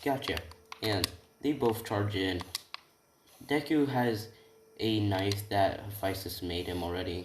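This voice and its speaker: A man's voice: low-pitched, background noise. A young man improvising a fan-fiction story, rambling and often tagging "right?" and correcting himself. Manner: rambling, frequent tag questions and self-corrections. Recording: roomy room, distant mic, keyboard typing.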